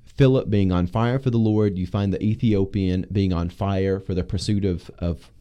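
A man leading a casual Bible discussion as pastor, teaching with animated emphasis. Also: low-pitched, moderate pace, lo-fi sound.

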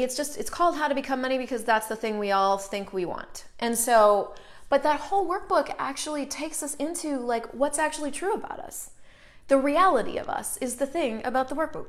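Woman, live-stream host, casual chat, animated, greets viewers, emphatic, a bit high-pitched. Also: brisk. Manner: chatty and animated, greets viewers mid-sentence. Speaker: host of a live online show, facilitator.

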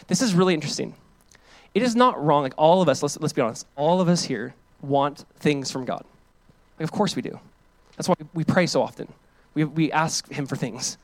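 A male pastor giving a sermon. He talks casually to the congregation and reads scripture aloud with loud, rising emphasis. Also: a little high, expressive, fairly quick. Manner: calls on the congregation to join in.

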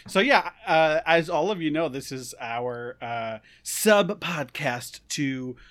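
A man co-hosting a podcast in an upbeat, chatty way, full of fillers. His voice is bright and fairly high, with a lively rise and fall. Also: takes it slowly. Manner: laughing, upbeat, with many fillers. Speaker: podcast co-host. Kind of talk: casual podcast chat.

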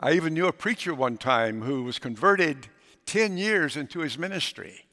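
A man's voice: a little high, expressive, normal speed, sharp tone. A man preaching a sermon as pastor, telling a story and acting out its characters. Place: church sanctuary. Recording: long reverb of a large hall.

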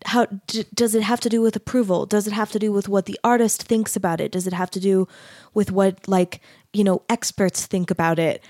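A woman's voice: mid-range voice, fairly even intonation, fairly quick, a little mellow, no room sound, studio quality. Musing woman hosting her podcast. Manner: musing, asks open questions, heavy use of "like". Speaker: podcast host. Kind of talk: casual conversation.

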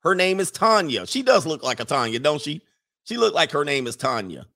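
Animated man in his forties, AAVE. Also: on the high side, a little fast, creaky. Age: 40s. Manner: animated, laughing, slangy storytelling. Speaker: commentator. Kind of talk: casual comedic commentary.

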